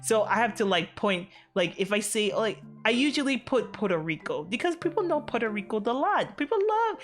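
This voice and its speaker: A woman's voice: a little high, sing-song, moderate pace, few pauses, a bit bright, soft background music. A woman from the Virgin Islands with a Caribbean accent, chatting casually on stream, rambling, swearing and laughing often. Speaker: VTuber streamer.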